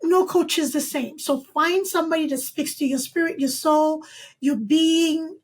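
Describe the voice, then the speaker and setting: A high-voiced woman hosts a podcast and also teaches as a lecturer. She speaks earnestly and stresses her points, often running through them in lists. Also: a little slow. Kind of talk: podcast interview conversation.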